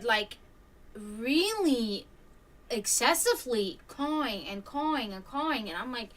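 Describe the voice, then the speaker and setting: A woman's voice: a little high, animated, measured pace, a bit bright, distant mic. A woman hosting a stream, telling a story casually, rambling with many fillers and restarts. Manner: imitates hawk caws. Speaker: stream host.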